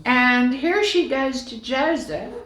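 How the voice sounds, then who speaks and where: A woman preaching a Christmas sermon, telling the story with lively, playful asides. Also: sits high, slow pace, reverberant, slight background noise, poor audio.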